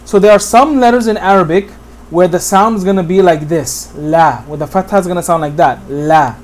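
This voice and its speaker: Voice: medium pitch, a little fast. A teacher from Bangladesh giving a whiteboard lesson on Quran pronunciation, patiently repeating examples and often checking in with the listener. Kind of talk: whiteboard tutorial.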